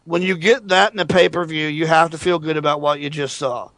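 A male radio host with a fairly high voice, bantering with callers in a joking, opinionated way. The sound is dry with no room echo. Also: steady tone, a little fast, a bit bright. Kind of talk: casual call-in radio talk.

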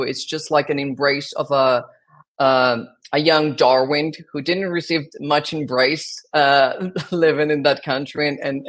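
A man's voice: fairly high pitch, a bit bright. A young adult man with a Brazilian Portuguese accent, a singer and actor answering interview questions and often restarting as he looks for words. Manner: searching for words, many restarts.

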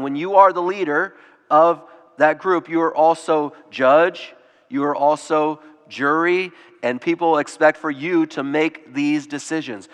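A man's voice: fairly high pitch, a bit bright, big-room sound. A male pastor giving a sermon, conversational, acting out short quotes, with children of his own. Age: adult with children. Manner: conversational preaching with acted-out quotes.

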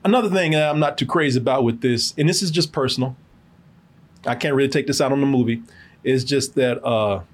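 A man hosting a casual movie review podcast, joking and animated, laughing often. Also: mid-range voice, a little fast. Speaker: podcast host and film reviewer.

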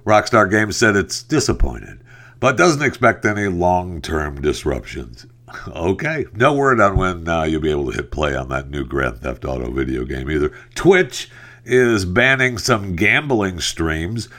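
A man's voice: low voice, lively intonation, unhurried, a bit bright. A male show host giving casual commentary and reading news headlines, chatty and given to laughing at his own stories.

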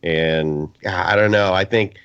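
A man co-hosting a casual podcast, his voice sitting low and telling a rambling, self-amused story. The sound is dry and a little dull, like lo-fi audio. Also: takes it slowly, a bit bright, clean tone, dry recording. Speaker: co-host.

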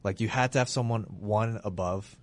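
A man's voice: fairly low pitch, moderate pace. A man hosting a casual gaming podcast, talking enthusiastically and rambling with restarts. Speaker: podcast host.

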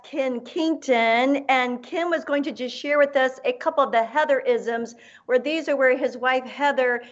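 A woman hosting a podcast who welcomes her guest in a casual, upbeat way. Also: high-pitched. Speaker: podcast host. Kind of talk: casual chat. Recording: dull, lo-fi recording.

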